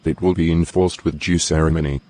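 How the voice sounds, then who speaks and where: A man voicing a formal herald proclaiming a decree in an animated story. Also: a bass voice, brisk, voice pushed down. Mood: ceremonial.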